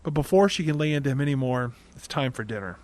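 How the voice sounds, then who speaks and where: A man's voice: mid-range voice, lively intonation, fast, darkish tone. A tired man hosting a podcast, casually recapping a film's plot with dry, wry asides. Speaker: podcast host.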